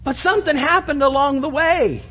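A middle-aged man preaching a humorous sermon, acting out little scenes in quieter voices. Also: very high voice, moderate pace. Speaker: pastor. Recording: dull sound with long reverb in a hall.

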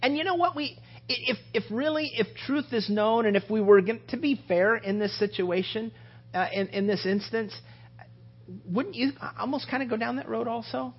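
A man's voice: extremely high pitch, normal speed, slightly rough, muffled recording. A man leading a casual Bible study, talking conversationally and briefly acting out the voices of biblical figures.

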